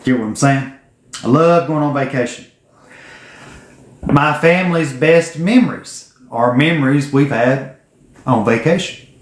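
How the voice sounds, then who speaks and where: A man's voice: mid-range voice, a little slow, pauses often. Profane man in a roomy space. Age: 40s. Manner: blunt and profane, folksy. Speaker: vlogger. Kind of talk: casual storytelling to camera. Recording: roomy echo.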